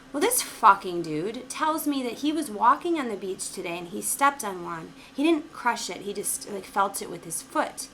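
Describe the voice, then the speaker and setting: Bright-voiced profane woman telling a story. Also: on the high side, slight background noise. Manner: animated, profane, exasperated storytelling. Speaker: vlogger. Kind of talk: casual storytelling.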